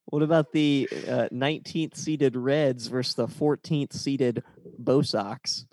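A man's voice: medium pitch, steady tone, slow, darkish tone. A man co-hosting a casual sports podcast, reading out matchups and steering the chat. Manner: reads out matchups, leading the talk. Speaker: podcast co-host.

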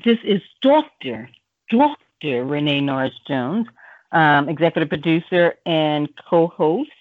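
A woman's voice: sits low, lively intonation, measured pace. An older woman with grandchildren, co-hosting a community radio talk show in a chatty, joking way. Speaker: co-host and executive producer. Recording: dull lo-fi radio audio.

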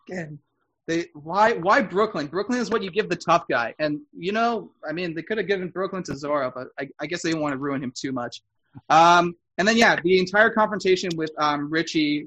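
A man hosts a podcast in a loose, casual way, circling back on himself with fillers and restarts. His voice sits a little high. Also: fairly bright tone. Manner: rambling, with many fillers and restarts. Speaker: podcast host.

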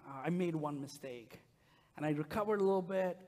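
A middle-aged man, a pastor, preaching a sermon with animated, humorous personal stories to his congregation in a church. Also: on the high side, brisk. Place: church sanctuary. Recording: long reverb of a large hall.

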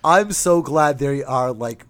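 A man's voice: mid-range voice, slow pace, fairly bright tone, dry recording. Regular guy chatting on a podcast, jokey rambling, mid voice. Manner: joking, rambling storyteller. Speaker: podcast co-host. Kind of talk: casual chat.

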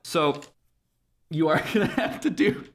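A man's voice: a little high, very animated, measured pace. A man co-hosting a podcast, talking casually in a rambling way with frequent laughs. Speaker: podcast co-host. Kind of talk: casual chat.

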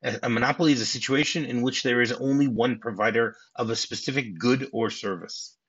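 A man's voice: medium pitch, brisk, a bit bright, breathy edge. A man hosting a podcast, discussing a film in a casual way, chuckling often and restarting his sentences. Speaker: podcast host. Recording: dull lo-fi audio.

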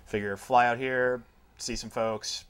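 Male guest co-host, relaxed and easygoing, mid-range voice. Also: mid-range voice, unhurried, smooth. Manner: relaxed, laid-back. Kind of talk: casual chat.

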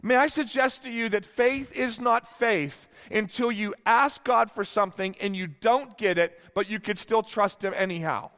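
Male pastor in his 50s, high voice, sermon with long hall reverb, candid storytelling. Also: normal speed, hardly any pauses. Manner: candid storytelling, swings from hushed to exclaiming.

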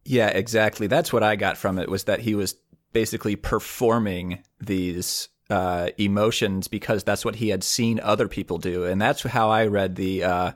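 A man co-hosting a podcast, explaining episode events in a steady, thoughtful, casual way. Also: on the low side, normal speed. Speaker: podcast co-host. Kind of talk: casual episode recap chat.

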